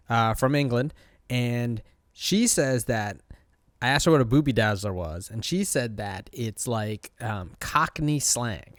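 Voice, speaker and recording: A man's voice: mid-range voice, dry recording, studio quality. A man hosting a casual show recap, talking in a chatty, rambling way with many fillers. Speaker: host.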